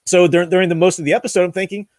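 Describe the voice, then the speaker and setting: A man's voice: sits high, fairly even intonation, racing, no echo, clean studio sound. A man hosting his own commentary show, talking casually in an indignant, ranting way with many restarts. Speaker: commentary channel host.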